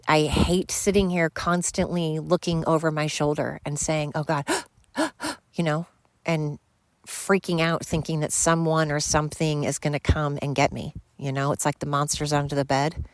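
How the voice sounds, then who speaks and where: A woman's voice: low voice, little pitch movement, measured pace, clean tone, dry recording. A middle-aged woman hosting a podcast, talking in a rambling, candid and profane way while she walks outdoors with her dogs. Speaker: podcast host. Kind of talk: casual monologue.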